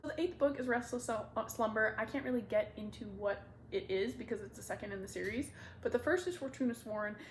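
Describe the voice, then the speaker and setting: A woman's voice: a little high, quick pace, reverberant, a little hiss or hum. A young woman casually gushing about book recommendations in a chatty vlog, full of fillers. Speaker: book vlogger.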